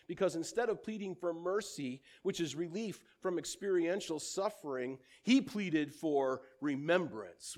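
A man preaching a sermon, earnest and measured, who quotes scripture in older English and lets his voice sink at the ends of phrases. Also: fairly high pitch, animated, a little mellow.

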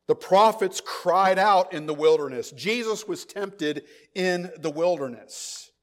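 A man with a notably high voice delivers a sermon. He speaks emphatically, repeating key phrases for weight, and drops his voice low for quiet asides. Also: takes it slowly. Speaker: pastor.

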